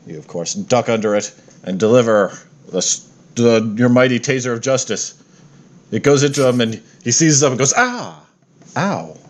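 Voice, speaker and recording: A man runs a tabletop game as game master. His narration is playful, and he often stops to correct himself. His voice sits at an ordinary middle pitch. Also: fairly even intonation, normal speed.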